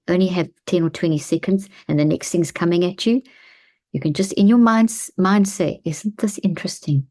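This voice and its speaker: A woman hosting a self-help talk, speaking calmly and slowly with a reassuring tone and repeated phrases. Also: lowish voice. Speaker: host.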